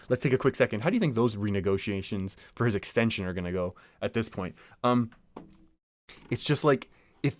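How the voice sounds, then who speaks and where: Talking alone on his podcast, this medium-voiced host chats loosely and meanders, with plenty of false starts and small laughs. The recording has no echo.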